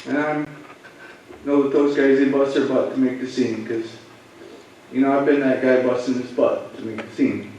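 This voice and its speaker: A man, a police officer, telling students a personal story in a halting, emotional way. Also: mid-range voice, fairly even intonation, a little mellow, muffled recording, a little hiss or hum. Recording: echoey room, voice from far off.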